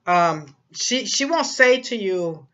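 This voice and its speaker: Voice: medium pitch, animated, slow, fairly bright tone, dull audio. A psychic reader giving a casual spoken prediction, rambling and emphatic, with many fillers and repeated phrases.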